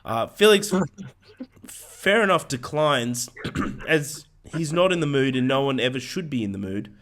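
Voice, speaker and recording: Hoarse male podcast co-host, mid-pitched, rambling casual film recap full of ums. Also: expressive, a little slow, fairly bright tone. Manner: recaps plot with frequent ums and swearing asides. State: hoarse, voice going. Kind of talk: casual chat, plot recap.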